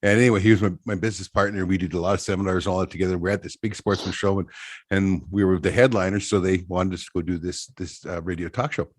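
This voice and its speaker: A man's voice: low-pitched, steady tone, fast talker, husky, no echo, studio quality. A middle-aged man from Texas, a trapper guest telling rambling stories in casual chat, laughing often. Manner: rambling anecdotes, frequent laughter, restarts.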